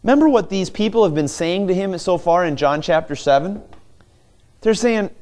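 A man's voice: sits high, expressive, moderate pace, a little mellow. A man preaching a sermon, asking rhetorical questions and acting out quoted voices. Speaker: pastor.

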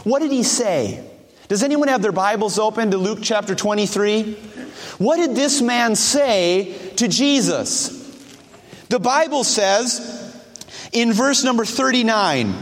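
A man's voice: high-pitched, lively intonation, a little slow, long reverb tail. A man preaching a sermon to his congregation, asking them questions directly. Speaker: pastor.

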